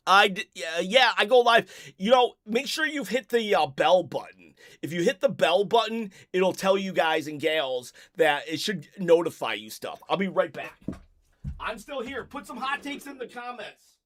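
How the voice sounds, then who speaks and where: A man's voice: sits high, sing-song, moderate pace, a bit bright, no room sound, clean studio sound. A man hosting a casual live stream, rambling and reading viewer comments aloud, a bit out of breath.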